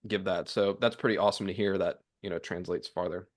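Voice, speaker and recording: A young man co-hosting a podcast, chatting in a relaxed, friendly way with plenty of fillers. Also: deep voice, fast talker. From United States. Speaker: podcast co-host. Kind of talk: casual podcast chat.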